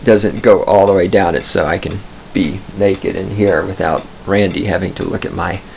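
A man's voice: sits low, steady tone, moderate pace, creaky, darkish tone, slight background noise. A man hosting a podcast from a studio booth, telling stories in a profane, digressive, self-amused ramble. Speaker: podcast host. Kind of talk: rambling comic monologue.

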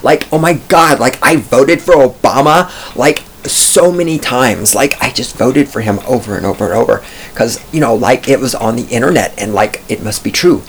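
A man's voice: mid-range voice, lively intonation, moderate pace, a little hiss or hum, lightly acted. A man voicing a smug, ditzy young female college student in a mocking valley-girl cadence.

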